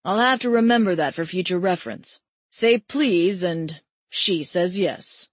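A woman voicing an excited young man who speaks with a playful, slightly bossy tone. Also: lowish voice, a little slow, husky, dry recording, voice pushed down. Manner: bossy then sheepish.

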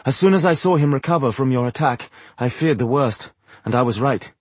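A man voicing a stern, commanding woman mage in an audiobook, speaking grimly and forcefully. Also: medium pitch, expressive, fairly quick, slightly rough, no echo, voice pushed up. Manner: grim, clipped, forceful.

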